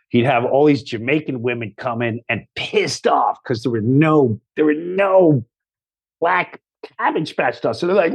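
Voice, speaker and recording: Husky animated storyteller man. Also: medium pitch. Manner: animated, acts out other people's voices, swears, laughs often. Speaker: comedian guest. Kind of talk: casual storytelling.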